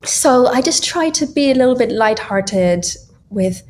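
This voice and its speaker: A woman's voice: fairly high pitch, expressive, a little slow, slight background noise. A woman guest on a podcast, chatting casually and lightheartedly, laughing often between many fillers. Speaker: guest, tech founder.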